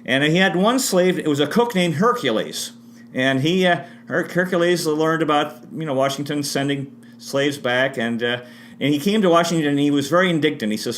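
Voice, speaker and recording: A man's voice: on the high side, animated, moderate pace, fairly bright tone, a little hiss or hum. A man giving an unscripted history talk with spiritual asides, often restarting and correcting himself mid-sentence. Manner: rambling, frequent restarts and self-corrections. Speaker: history presenter.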